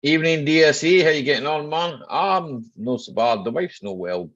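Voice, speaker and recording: Broadcasting from his home in slightly dull lo-fi live-stream audio, a middle-aged man from Scotland runs a relaxed chat with viewers, welcoming them by name and cracking jokes. His voice is fairly bright, on the high side, with a moderate pace.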